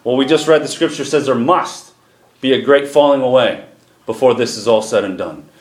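A man preaching a sermon to a congregation, reading scripture slowly and leading prayer, with pauses for emphasis. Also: mid-range voice. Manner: slows and lifts his voice for emphasis, responsive to the congregation. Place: church sanctuary with congregation. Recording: echoey church room, faint noise.

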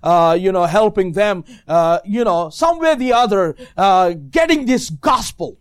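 A man with a non-native English accent preaching a sermon as a visiting minister, with many fillers and bursts of shouted praise. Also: high voice, lively intonation, unhurried, clear, resonant tone. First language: not English.

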